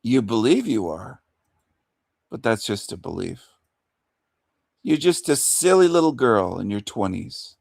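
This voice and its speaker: A man's voice: fairly low pitch, very animated, measured pace, creaky, pauses often, darkish tone, breathy edge, no echo, clean studio sound. A man hosting a livestream rant in a mocking, taunting manner, chuckling between insults. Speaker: livestream host.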